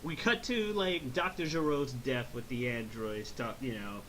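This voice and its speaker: A man hosting a casual movie review chat, recapping scenes in an animated way with silly voices. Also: medium pitch, unhurried, a little hiss or hum, rough recording. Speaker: movie review podcast host.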